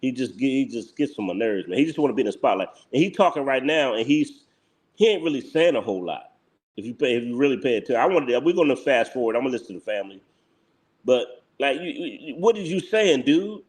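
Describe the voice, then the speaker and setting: A man's voice: medium pitch, animated, fast talker. Blunt Philly-accented man ranting live. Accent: Philadelphia. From Philadelphia. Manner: blunt, heated, repetitive, laughs mockingly. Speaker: live stream host. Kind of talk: live commentary stream.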